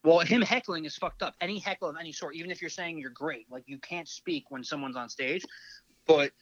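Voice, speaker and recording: A man's voice: fairly high pitch, brisk, fairly bright tone. A man hosting a podcast in casual chat, blunt and profane, on a slightly dull recording. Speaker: podcast host.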